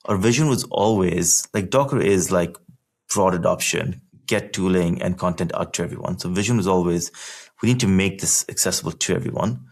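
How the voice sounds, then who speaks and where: A man with a very low voice and a gravelly, fry-edged tone, speaking as a podcast guest. He explains technical topics in a relaxed, conversational way. His sentences run loose, with plenty of "like" and restarts. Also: fairly quick. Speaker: podcast guest, engineering executive.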